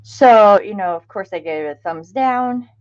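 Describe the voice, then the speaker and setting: Through dull, lo-fi stream audio, a middle-aged woman chats casually on her craft livestream, laughing a lot and calling out viewers by name. Her medium-pitched voice is a little mellow, with lively intonation and a moderate pace.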